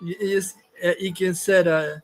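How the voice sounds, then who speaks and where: A man's voice: high voice, little pitch movement, moderate pace. A man hosting a livestream, ranting casually in a heated, profane, insulting way. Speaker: livestream host.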